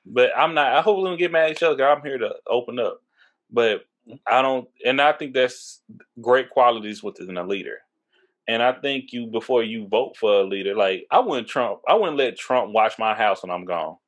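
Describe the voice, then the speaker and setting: Animated, profane man from Texas. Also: moderate pace. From Texas, USA. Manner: animated, profane, rises high when worked up. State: tipsy from drinking. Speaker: podcast host. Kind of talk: casual political chat.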